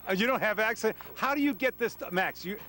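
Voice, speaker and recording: A man anchoring a live TV sports segment outdoors, lively and joking with his guests. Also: high-pitched, fairly quick, faint music behind.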